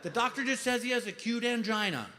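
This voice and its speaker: High-voiced comic in his fifties. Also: fairly quick, very noisy. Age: 50s. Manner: animated, frantic, self-mocking. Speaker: stand-up comedian. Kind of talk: stand-up storytelling. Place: theater stage. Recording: live stage mic in a reverberant hall.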